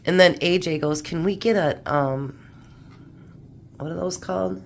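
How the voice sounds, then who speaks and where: A woman vlogger speaks in a gravelly, lowish voice at an unhurried pace, chatting casually to camera as she cooks and tastes in her home kitchen. She's chatty and homey, and there's slight background noise.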